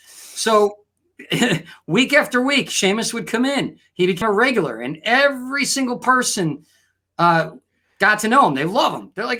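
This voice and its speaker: Upbeat male comedy show host, bright voice, jokey and casual. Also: high voice, sing-song, moderate pace. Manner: upbeat, laughs often. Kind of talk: casual comedic chat and joke telling.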